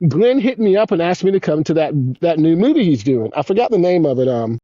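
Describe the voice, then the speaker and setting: Excitable man with a lively, swooping voice. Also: a little fast, dry recording, lo-fi sound. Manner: excited storyteller, swears a lot, animated swings in pitch. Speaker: podcast guest, former pro skateboarder. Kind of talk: casual interview chat.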